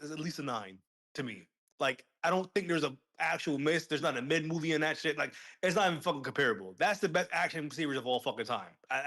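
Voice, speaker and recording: Fast-talking, heated man. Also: a little high, fairly bright tone. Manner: heated, emphatic, profane. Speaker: podcast co-host. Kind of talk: casual chat.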